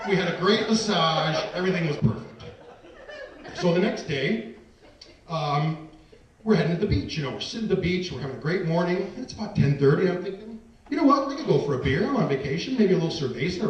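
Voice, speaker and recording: Animated stand-up comic in an echoey room. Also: male voice, high-pitched, background noise. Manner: self-deprecating storytelling with audience asides. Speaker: stand-up comedian. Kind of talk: stand-up comedy routine. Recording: echoey room, distant mic, audience laughter. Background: audience laughter.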